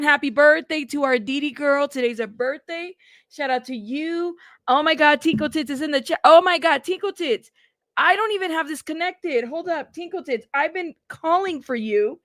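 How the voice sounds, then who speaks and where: A woman's voice: sits high, no room sound, clean studio sound. A woman hosting a casual livestream, bubbly and chatty, greeting chat members by name. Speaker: livestream host. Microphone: plug-in mic at a computer.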